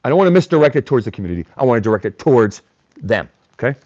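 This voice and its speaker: Male livestream host, mocking and blunt, very animated delivery, dull dry sound. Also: mid-range voice, racing, dry recording. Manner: blunt, combative, mocks chatters by name. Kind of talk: live-stream rant reading chat.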